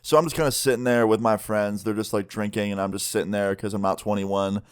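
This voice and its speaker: Chill guy in his 20s telling a storytime, lowish voice, super clear. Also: fairly even intonation, quick pace. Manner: casual storyteller, heavy use of "like". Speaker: vlogger. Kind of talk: storytime vlog.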